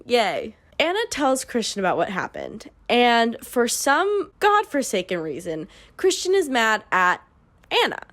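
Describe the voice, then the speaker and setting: A woman's voice: on the high side, huge pitch swings, measured pace, a bit bright. Sarcastic woman recapping a book. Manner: sarcastic, dry asides, swings into mock character voices. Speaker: book club host.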